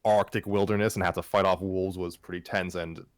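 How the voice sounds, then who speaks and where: Deep-voiced easygoing young man. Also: level tone, a little fast, no echo. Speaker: podcast host. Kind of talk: casual chat.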